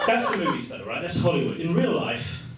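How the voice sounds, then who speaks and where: Animated British comic in his forties. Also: brisk, over a noisy crowd. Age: 40s. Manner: self-deprecating, animated, with sudden high comic bursts. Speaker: stand-up comedian. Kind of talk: stand-up comedy set. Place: comedy club stage. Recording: roomy, distant, noisy club.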